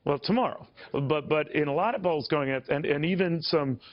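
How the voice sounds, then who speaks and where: A man's voice: on the high side, normal speed. A man anchoring a TV news interview, wry and teasing, with chatty restarts. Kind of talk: broadcast interview. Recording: dull lo-fi broadcast audio.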